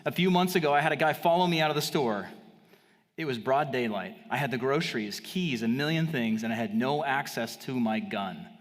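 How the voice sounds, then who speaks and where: A man reading ad lines as a calm, direct woman speaking to camera, in his own voice. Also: mid-range voice, fairly quick, in a large hall, lightly acted.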